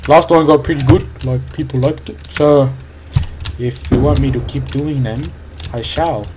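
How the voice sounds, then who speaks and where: A man giving goofy casual commentary over his gameplay, breaking into excited whoops and yells. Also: medium pitch, normal speed. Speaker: gamer making commentary videos. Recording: keyboard clicks and typing noise.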